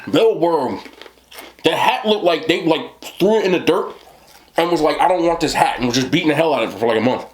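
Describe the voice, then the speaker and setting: Rambling New Jersey man with lively pitch. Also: a little fast. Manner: rambling, laughing, lots of "you know what I'm talking about". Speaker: mukbang host. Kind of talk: casual storytelling to camera.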